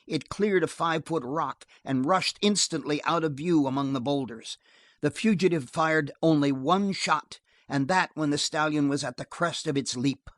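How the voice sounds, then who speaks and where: A man reading a western novel aloud as an audiobook narrator, steady and measured. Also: a little high, no room sound.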